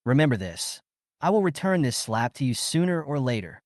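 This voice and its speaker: A man voicing a spiteful young woman who turns sharp and defensive, with a lively delivery. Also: medium pitch, normal speed, dry recording, clean studio sound, lightly acted.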